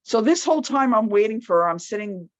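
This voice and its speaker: Storytelling woman, loud and animated, pitch jumping around, dry muffled sound. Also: fairly quick, no echo. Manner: loud, animated, acts out quoted voices. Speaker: guest telling a personal story. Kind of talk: casual storytelling.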